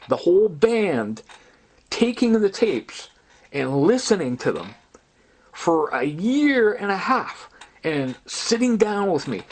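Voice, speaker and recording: A man telling a long, rambling story in an agitated way, often quoting other people's words. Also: a little high. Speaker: storyteller recounting personal grievances. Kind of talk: rambling recorded monologue.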